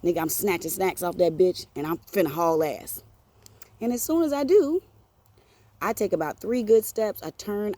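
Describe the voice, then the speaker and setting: A woman telling a personal story on her podcast in an animated, profane, streetwise way. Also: fairly low pitch. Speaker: podcast host.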